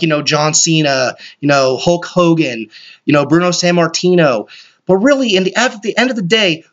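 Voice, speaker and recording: A man hosting a solo podcast, rambling excitably and swearing often. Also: a little high. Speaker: podcast host. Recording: dull lo-fi recording.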